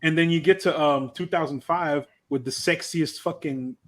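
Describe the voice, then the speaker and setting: Hyped male podcast co-host, slightly high pitch, slangy and profane. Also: steady tone, moderate pace. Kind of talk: casual chat.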